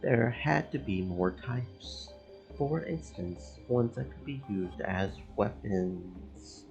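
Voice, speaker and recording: A man streaming a game, reading its story text aloud in slow, measured narration. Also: on the low side, lively intonation, gravelly, music in the background, low-quality recording.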